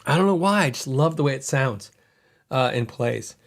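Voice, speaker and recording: A middle-aged man hosting a podcast, telling a story in a chatty, animated way and acting out quoted dialogue. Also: mid-range voice, normal speed. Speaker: podcast host. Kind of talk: casual storytelling monologue.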